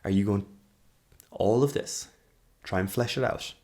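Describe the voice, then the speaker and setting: Host, thirties, male, low-pitched, reflective and searching, trails off mid-thought. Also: a little slow, darkish tone. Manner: earnest, searching, trails off and restarts. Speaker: podcast host. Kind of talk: reflective monologue.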